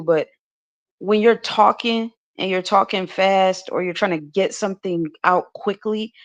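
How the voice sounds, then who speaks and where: A woman's voice: mid-range voice, lo-fi sound. A woman on a podcast panel talking casually, rambling with many fillers and restarts and laughing often. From United States. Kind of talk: casual livestream discussion.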